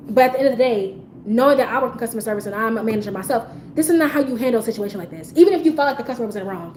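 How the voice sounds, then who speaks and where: A woman's voice: high-pitched, darkish tone. A woman hosting a livestream, telling a story casually and animatedly, swearing and bursting into laughs. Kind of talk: casual storytime chat to a live audience. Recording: echoey room with faint background noise.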